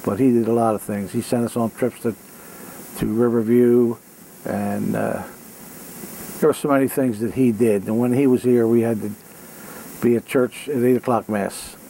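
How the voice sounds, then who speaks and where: Old guy remembering the priest, dark mellow tone, slight hum. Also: mid-range voice, steady tone, gravelly, rough recording. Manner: plain, halting recollection. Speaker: interviewee. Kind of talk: reminiscing in an interview.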